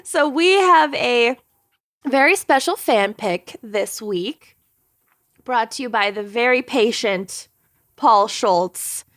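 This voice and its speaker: A woman co-hosting a podcast in easy, casual chat. She speaks slowly in a slightly high voice. The recording is dry and close to the mic. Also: expressive, a bit bright, dry recording. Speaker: podcast co-host.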